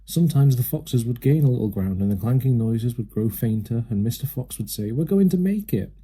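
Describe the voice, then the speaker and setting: A man narrating a children's storybook aloud with a steady, lively manner. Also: medium pitch, fairly quick, slightly rough. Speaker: reader.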